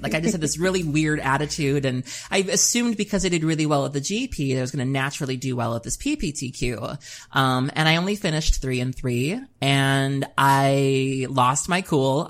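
Low-voiced woman telling animated stories. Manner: animated storyteller, big pitch jumps when exasperated. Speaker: podcast co-host. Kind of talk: casual podcast chat.

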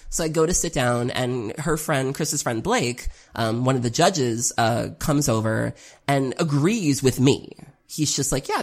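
A gravelly, fry-edged voice at a middle pitch tells a long tournament story in a loose, unscripted way. The speaker leans on filler "um"s, swears here and there, and keeps turning the blame back on themself. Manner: rambling, self-critical, frequent ums, occasional swearing. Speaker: competitive card game player. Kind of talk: casual spoken recap.

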